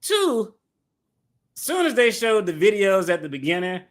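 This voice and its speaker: A man hosting a reaction show, talking in an animated, slangy way and laughing often as he comments. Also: high voice, a little slow. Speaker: attorney reaction host.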